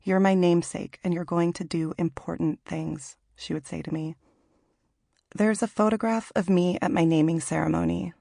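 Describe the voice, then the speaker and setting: A woman in her late thirties from Washington in the Pacific Northwest, reading her own memoir aloud in a measured, reflective way. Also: on the low side, gravelly, darkish tone, no room sound, clean studio sound. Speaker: author narrating her memoir. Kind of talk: audiobook memoir narration.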